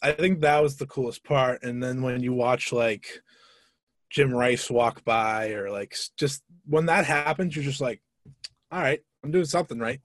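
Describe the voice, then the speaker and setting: A man's voice: medium pitch, dry recording, studio quality. A man in his twenties chatting casually on a podcast, often stumbling and repeating words as he tells stories. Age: 20s. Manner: halting, repeats words, laughs through stories.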